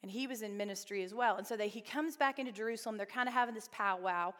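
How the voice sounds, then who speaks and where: A woman's voice: medium pitch, fast talker, a bit bright. Chatty woman teaching Bible study. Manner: chatty, asks the group questions. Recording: long reverb of a hall.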